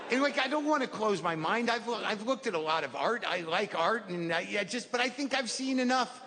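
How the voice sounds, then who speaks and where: Middle-aged male comic, high voice, neurotic, long live reverb. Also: animated, brisk, noisy background. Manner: neurotic, self-deprecating, rambling asides. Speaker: stand-up comedian. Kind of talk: stand-up routine. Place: comedy venue stage. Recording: live hall reverb with audience.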